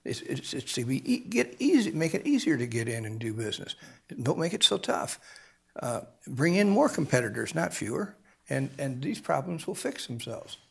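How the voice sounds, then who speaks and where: Gravelly man talking in halting bursts. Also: medium pitch, very animated. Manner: halting, repeats words, grows emphatic. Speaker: guest. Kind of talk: panel discussion.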